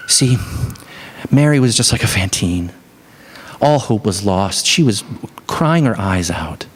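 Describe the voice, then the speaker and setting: A man preaching an Easter sermon as a pastor, telling stories in a conversational, animated way with building emphasis. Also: on the low side, slow, long pauses, slightly rough.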